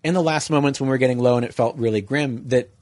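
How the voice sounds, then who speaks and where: A man's voice: medium pitch, fast, a little mellow, no room sound. A man telling a long story in casual chat, rambling with many fillers.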